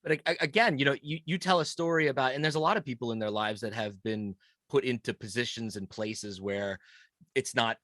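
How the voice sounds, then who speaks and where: A man's voice: medium pitch, brisk, a bit bright, no room sound, studio quality. A man hosting an interview podcast, asking long, rambling questions with stumbling restarts. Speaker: podcast host. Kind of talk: casual interview conversation.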